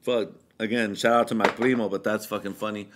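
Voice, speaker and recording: A man's voice: lowish voice, steady tone, a little fast, noisy background. A young male podcast host who sounds tipsy as he talks. His storytelling is loose, rambling and heavy on profanity, with a casual chatting delivery. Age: young adult. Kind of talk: casual chat.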